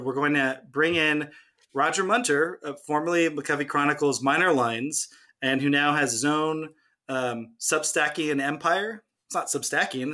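A man hosting a casual sports podcast, chatting and joking with quick asides. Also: on the high side, pushed and bright. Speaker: podcast host. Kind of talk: casual chat.

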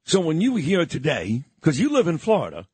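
A man's voice: a little high, huge pitch swings, fairly quick, a little mellow, husky, no room sound. An older man from New York hosting a morning radio show, telling a story in an emphatic, boastful way.

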